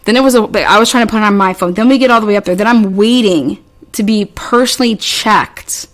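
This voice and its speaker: A woman recounts a story in casual podcast chat, swearing often and sounding fed up as she rambles and restarts. Her pitch sits in the middle range. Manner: profane, exasperated, rambling with many restarts.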